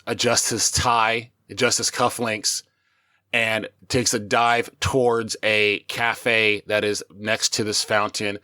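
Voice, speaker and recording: A man's voice: fairly low pitch, pushed and bright, no room sound, clean studio sound. A man playing a tabletop role-playing game, narrating his character's moves in a playful, cinematic way. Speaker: player.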